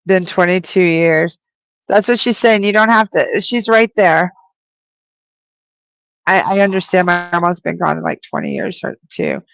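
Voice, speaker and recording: A woman's voice: on the low side, unhurried, vocal fry, clear, resonant tone, no echo, poor audio. A woman working as a psychic medium who gives a live-streamed spirit reading. She talks in a chatty, rambling way, full of "like," with light laughter.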